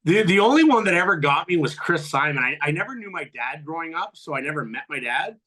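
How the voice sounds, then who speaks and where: A man in his fifties, a former pro hockey player, telling profane locker-room stories as a podcast guest and loudly acting out what people said. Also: on the high side, fast talker. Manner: animated, profane, acts out quotes loudly. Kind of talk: storytelling in a podcast interview.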